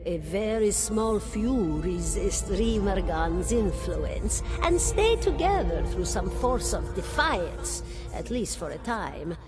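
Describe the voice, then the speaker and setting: An actress voicing a woman in a fantasy video game, recounting things slowly and solemnly. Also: mid-range voice, very animated. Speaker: game character. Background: game music.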